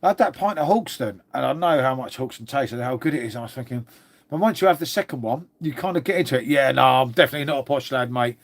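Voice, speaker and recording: Quick and expressive, with a medium-pitched voice, this livestream host chats casually and reads comments. He has a London-area English accent from Old Windsor, Berkshire, swears freely, says mate to everyone, and sounds congested from a cold.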